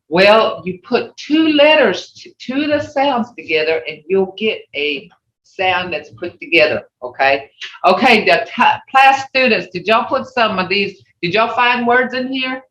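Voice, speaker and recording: Slow, patient language teacher. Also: mid-range voice, lively intonation, fairly bright tone. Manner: slow, repetitive, patient explaining. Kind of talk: online language class. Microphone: video call. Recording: echoey, distant, muffled video call.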